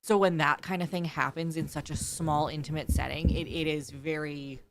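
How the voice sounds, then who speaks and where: A woman's voice: low-pitched, fairly even intonation, moderate pace, background noise. A woman, the streamer's partner, chatting casually and earnestly with viewers. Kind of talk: casual livestream chat.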